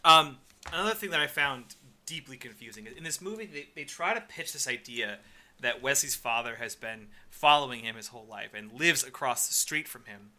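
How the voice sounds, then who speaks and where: A man's voice: mid-range voice, expressive, moderate pace, sharp tone. A man co-hosting a casual film-review chat, exasperated and swearing for emphasis.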